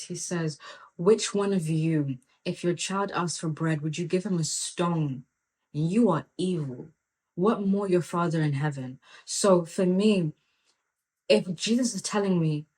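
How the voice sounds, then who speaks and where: Woman, podcast host, casual faith talk, lively storytelling, lots of "like" and "you know", slightly low voice. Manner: lively and conversational, many "like" and "you know" fillers.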